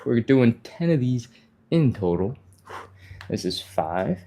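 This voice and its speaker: A man's voice: medium pitch, big pitch swings, slow, dark tone. A man leading a live follow-along stretching class, talking casually while he exercises and getting a little out of breath. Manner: talks while exercising, breathy exertion sounds and sighs; encouraging, casual, reads viewer comments aloud. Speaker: stretching instructor.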